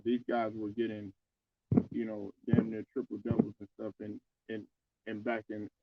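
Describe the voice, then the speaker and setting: A man's voice: fairly low pitch, completely flat delivery, normal speed, narrow, tinny audio, heavy background noise. A man talking casually about basketball, loose and conversational, with many fillers and restarts. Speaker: sports commentator. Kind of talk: casual basketball opinion talk.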